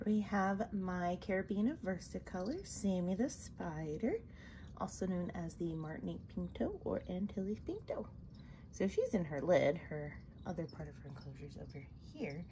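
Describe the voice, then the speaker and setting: A woman's voice: on the low side, vocal fry, noisy background. A woman hosting a casual vlog about her pet tarantulas, chatty and gushing as she talks to her spiders, with trailing fillers. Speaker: tarantula keeper vlogger.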